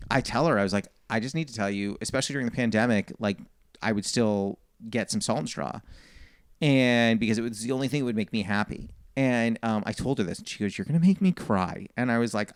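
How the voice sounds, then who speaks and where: A man's voice: mid-range voice, clean tone, no room sound, studio quality. A man and comedian telling a long story in a casual podcast chat, acting out the people in it. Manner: animated storyteller, quotes people. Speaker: comedian guest.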